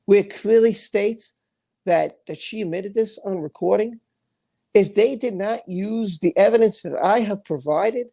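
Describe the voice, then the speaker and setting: A man's voice: high-pitched, unhurried, gravelly, dark tone. A man hosting a livestream and ranting angrily, emphatic and repetitive, often stumbling over his words. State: angry. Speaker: livestream host. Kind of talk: angry livestream rant.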